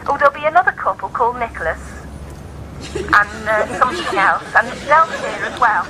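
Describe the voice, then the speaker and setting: An actress playing a snobbish suburban housewife who is easily flustered, huffy in private and sweetly polite on the phone, in studio sitcom style. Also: female voice, a little high, lively intonation, fairly quick, pushed and bright, poor audio. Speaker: sitcom character, hostess planning a dinner party. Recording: studio audience laughter, background noise.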